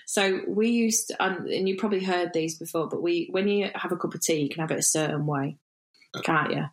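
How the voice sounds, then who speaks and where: A woman's voice: on the low side, fairly quick, rough recording. A British woman co-hosting a podcast in casual chat, playful and teasing, often breaking into laughter. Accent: British English. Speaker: podcast co-host.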